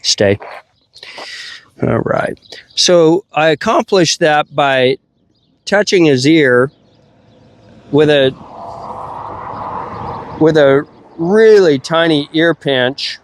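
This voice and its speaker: A middle-aged man, a dog trainer, explaining his methods outdoors while working a dog, breaking into high, playful praise for the animal. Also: lively intonation, drawn-out words, long pauses. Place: outdoors at a kennel ranch.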